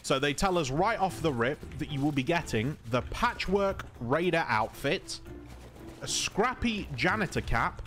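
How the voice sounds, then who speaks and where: A man with an English accent talks through his gameplay in a relaxed, conversational way, his voice sitting a bit high and swinging freely up and down. He stays polite and easygoing, with faint music playing underneath. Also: unhurried. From England. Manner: calm, conversational, polite even when insulted. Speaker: gaming video host. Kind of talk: casual gameplay commentary.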